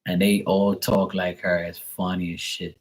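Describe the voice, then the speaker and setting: A man's voice: low voice, level tone, normal speed. A man chatting casually on a live stream, loose and profane, often laughing as he talks. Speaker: live tarot reader and streamer.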